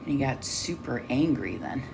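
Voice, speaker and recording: Casting note: woman with a very deep voice, blunt and profane, candid personal storytelling. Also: lively intonation, moderate pace, vocal fry, noisy background. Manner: blunt, swears often. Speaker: vlogger.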